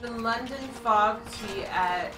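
A woman's voice: a little high, slow. A Canadian woman chatting casually alongside a game stream, rambling a bit. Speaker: co-commentator. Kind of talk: casual chat. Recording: roomy recording with loud music.

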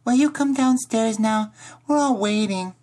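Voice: mid-range voice, unhurried, darkish tone, pitched above the performer's own voice, natural voice. A reader voicing an earnest, wide-eyed six-year-old girl in a storybook.

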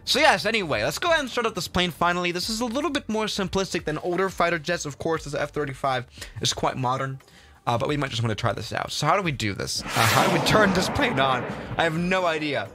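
A man's voice: on the high side, expressive, fast talker, pushed and bright. A man streaming a flight sim, chatting casually to viewers in a rambling way full of fillers and restarts. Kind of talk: casual live gameplay commentary.

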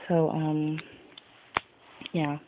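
A woman's voice: sits low, monotone, extremely slow. A tired woman in a casual show-and-tell vlog, rambling and chatty as she trails off mid-sentence. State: tired, yawning. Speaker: vlogger showing her craft pieces. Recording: tinny lo-fi phone-like sound, faint noise.

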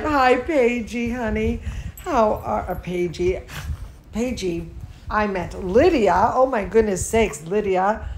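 A woman teacher hosts a live bedtime story from her bed at home, chatting casually in a doting sing-song way to her pet and the watching children. Her voice is a little high, her pace measured, and the recording rough.

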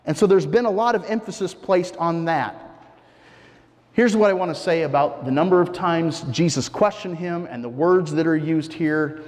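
A man's voice: high voice, moderate pace, in a large hall. A male pastor preaching a conversational sermon, explaining a point and asking the listeners rhetorical questions.

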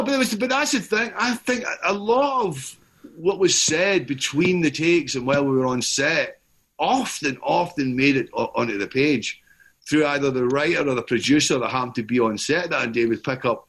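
A man's voice: mid-range voice, moderate pace, a bit bright, breathy edge. A middle-aged man talking as a podcast guest in a rambling, stop-start way, often repeating his words. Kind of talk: casual conversation.

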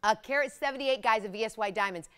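A woman hosting live jewelry sales, talking in fast, excited hard-sell patter. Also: fairly high pitch, clean tone. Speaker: shopping channel host.

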